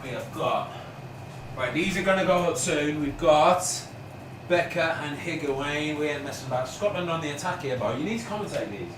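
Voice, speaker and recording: A man's voice: a little high, animated, normal speed. A man hosting a casual chat, telling stories with eager enthusiasm in a room at his home. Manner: chatty, enthusiastic storyteller. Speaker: host. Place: room at home full of framed shirts. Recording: echoey room, faint background noise.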